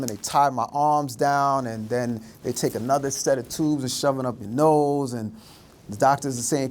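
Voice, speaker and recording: Middle-aged male speaker, vivid storyteller, does voices for characters, mid-range pitch. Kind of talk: storytelling talk.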